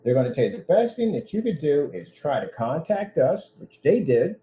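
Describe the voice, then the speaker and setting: A man's voice: a little high, very animated, moderate pace, narrow, tinny audio, a little hiss or hum. A man running his own business, ranting in a vlog with indignant threats aimed at one person. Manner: repetitive, addresses one person directly. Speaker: business owner.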